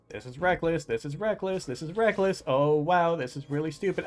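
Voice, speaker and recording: Exasperated higher-voiced man narrating his gameplay. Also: moderate pace, few pauses, soft background music. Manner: frustrated, exclamatory, talks to himself while playing. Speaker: gaming channel host. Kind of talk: let's play commentary.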